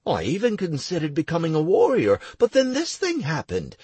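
A narrator puts on an eager young priest, excitable and wondering, his voice pushed well up in pitch and bouncing all over. It has a husky edge, and the recording is dry. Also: moderate pace, no room sound, exaggerated voice. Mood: excited.

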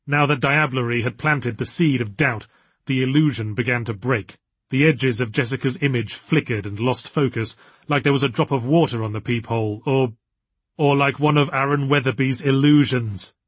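A man reads a novel aloud in a measured storytelling manner. His voice is husky and sits at a middle pitch. The recording is dry and close. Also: steady tone, dry recording. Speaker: narrator. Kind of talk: audiobook narration.

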